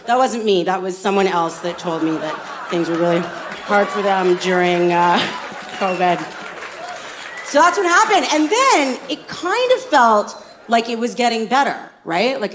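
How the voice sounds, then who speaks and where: A woman's voice: fairly high pitch, noisy background. Brash, profane stand-up comedian woman. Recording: live audience laughter.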